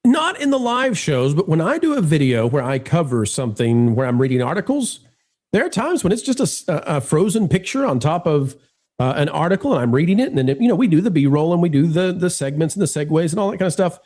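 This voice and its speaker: A man hosts a live stream in a loose, joking way and talks straight to his audience. His fairly high voice swoops up and down with a lot of expression. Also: fast. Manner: animated, joking, addresses viewers directly. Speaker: livestream host. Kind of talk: casual live-stream chat.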